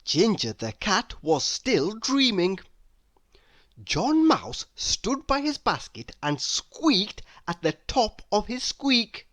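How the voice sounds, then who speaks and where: Casting: bright-voiced woman, story reader for kids, dry close recording. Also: mid-range voice, dry recording. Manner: slow, expressive, asks the listener questions. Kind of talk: children's storybook read-aloud.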